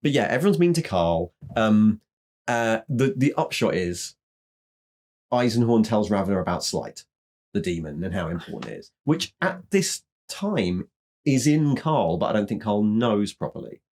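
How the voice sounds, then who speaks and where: A man's voice: lowish voice, sing-song, moderate pace, darkish tone. A man co-hosting a casual book club chat, rambling with many fillers and restarts. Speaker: podcast co-host.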